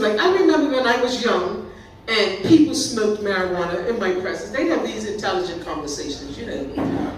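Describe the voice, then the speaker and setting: A woman's voice: medium pitch, animated, normal speed. A Bermudian woman in her sixties doing stand-up, telling chatty stories at a live party and breaking into laughter. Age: 60s. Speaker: stand-up comedian. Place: party venue with a live audience. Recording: echoey room, mic from far off, audience laughter.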